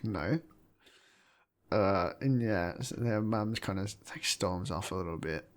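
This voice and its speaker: A man co-hosting a casual film review podcast, retelling scenes with lively energy and frequent swearing. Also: low voice, measured pace. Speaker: podcast co-host.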